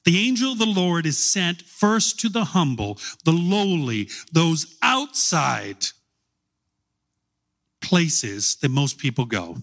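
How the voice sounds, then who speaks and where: A middle-aged man preaching a sermon, telling stories slowly with long pauses. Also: fairly high pitch, sing-song, fairly bright tone. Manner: slow storytelling with long pauses.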